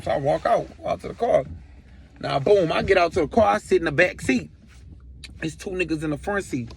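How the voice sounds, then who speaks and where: A young man telling a story from his past in a slangy, animated way, acting out what other people said. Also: high voice, creaky, slight background noise. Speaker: storyteller vlogger.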